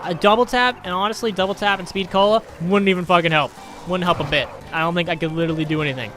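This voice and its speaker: This gaming YouTuber, a young man, tells a crude, sarcastic, rambling story while playing and commenting on a game. His high-pitched, fairly bright voice races along with fairly even intonation, and faint music plays behind him.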